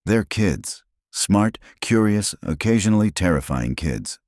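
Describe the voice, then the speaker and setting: A calm, practical woman engineer who looks after alien cubs speaks in a dry, matter-of-fact way, as a male narrator voices her. Her lines sit slightly above his deep narrating voice. The recording is close and dry. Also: measured pace, no echo.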